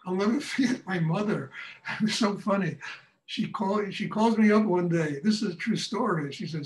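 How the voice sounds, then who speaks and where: An older man teaching a meditation class, telling stories in a blunt, animated way, often breaking into laughter. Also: sits high, fairly quick. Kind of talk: storytelling lecture. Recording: echoey room, far from mic.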